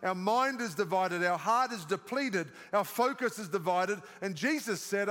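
Australian male pastor, high voice, live sermon in a reverberant church hall. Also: animated, unhurried, hardly any pauses, a bit bright. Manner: emphatic repetition, asks the congregation questions.

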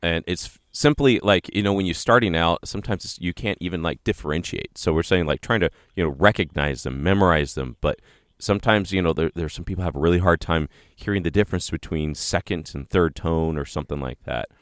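Very deep-voiced man, rambling co-host. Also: brisk, dry recording, studio quality. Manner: rambling, heavy on fillers like "you know" and "like". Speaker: podcast co-host. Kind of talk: casual chat.

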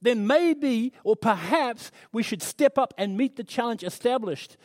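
A man's voice: very high-pitched, expressive, measured pace, no room sound. A middle-aged man preaching a conversational sermon, earnest and storytelling, with frequent restarts.

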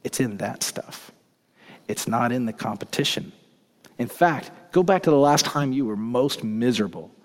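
A male pastor preaching in a church sanctuary, his voice trailing off in long reverb. He is a dynamic preacher whose mid-pitched delivery moves between hushed lines and emphatic ones. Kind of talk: sermon.

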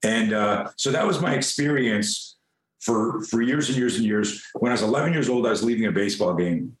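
Older male guest, lively self-mocking storyteller, salty language, room echo. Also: on the low side, a little fast. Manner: animated, self-mocking, swears freely. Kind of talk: casual storytelling. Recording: roomy echo.

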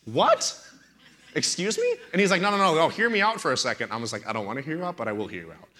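A man's voice: mid-range voice, very animated, very fast, bright, forceful tone. A man in his thirties, a pastor preaching in a talk-show setting, telling stories animatedly and with indignant emphasis.

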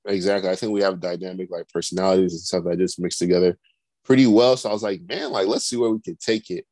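Deep-voiced guy chatting on a podcast, says like a lot, dry close mic. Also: fairly even intonation, fast talker, darkish tone, no echo. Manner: rambling, says "like" constantly. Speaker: podcast co-host. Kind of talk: casual chat.

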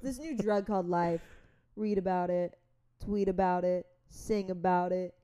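A young adult woman co-hosting a podcast in casual chat, giggly, playful and quick to apologize. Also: fairly low pitch, steady tone, warm tone. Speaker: podcast co-host.

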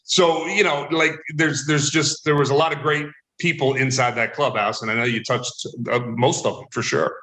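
A man's voice: mid-range voice, fairly even intonation, moderate pace, hardly any pauses, sharp tone, echoey room. A man hosting a radio interview, speaking encouragingly with many fillers. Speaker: radio host. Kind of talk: interview talk.

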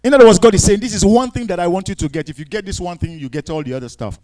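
A man preaching a sermon, dropping to quiet asides and rising to loud, drawn-out scripture readings, asking the congregation to answer back. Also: high-pitched, rough recording. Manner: calls out to the congregation for responses.

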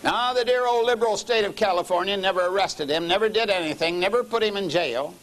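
A man's voice: high voice, fast talker, fairly bright tone, poor audio. An older man giving a sermon-style lecture as a lay preacher, telling a story and driving his points home by repeating key phrases and calling his listeners friends.

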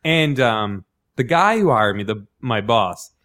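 A young man tells a story in a relaxed chat, piling on fillers and jumping into other people's voices as he recounts what they said. His pitch sits in the middle, and his delivery is loose and chatty. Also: unhurried. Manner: rambling, heavy on "like", acts out other people's lines. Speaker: podcast guest telling a story.

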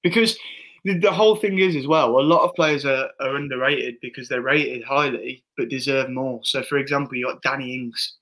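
A man's voice: mid-range voice, fairly even intonation, normal speed, fairly bright tone, rough recording. A man co-hosting a casual football podcast, rambling and opinionated, often restarting his sentences. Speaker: podcast co-host.

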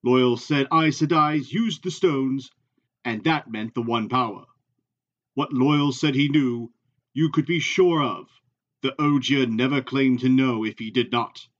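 A man reading a novel aloud in a measured, even way. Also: mid-range voice, lo-fi sound. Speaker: reader.

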